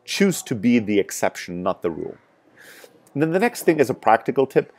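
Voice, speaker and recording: A man's voice: medium pitch, sing-song, fairly quick, darkish tone. A man with a strong European accent, a sales startup founder, giving emphatic, frank advice straight to camera with frequent "right?" asides. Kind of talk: motivational talk to camera.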